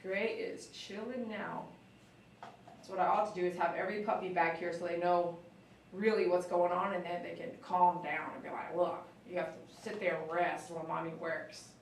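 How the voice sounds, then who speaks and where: Woman groomer, casual and chatty, coaxes the dog in a sing-song tone; mic set back in a boomy room. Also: little pitch movement, normal speed, vocal fry, a little hiss or hum. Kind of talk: casual live-stream chat while grooming. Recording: very echoey room, mic at a distance.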